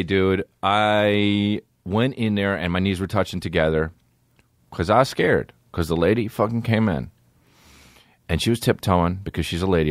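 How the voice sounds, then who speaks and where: A man, a podcast host telling stories in a casual, animated way, swearing a lot and acting out voices. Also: sits low, dry recording, clean studio sound. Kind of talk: casual storytelling.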